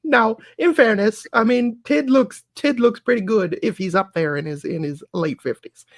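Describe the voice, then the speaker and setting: A man telling a story in casual podcast chat, laughing through it with animated delivery. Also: sits high, moderate pace, no room sound. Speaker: podcast guest.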